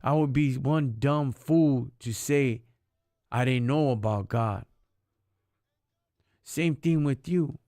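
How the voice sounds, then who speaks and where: Slow and full of pauses, this medium-pitched, dark-toned voice belongs to a man preaching passionately about faith on a live stream. He talks in street slang, mixes in Spanish words, and addresses listeners as homie and dog. The studio sound is clean, with no echo.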